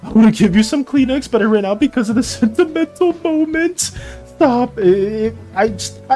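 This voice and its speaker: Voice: mid-range voice, lively intonation, normal speed, warm tone, faint music behind. A streamer chatting casually with viewers while drawing, stammering and repeating words, emotional and flustered.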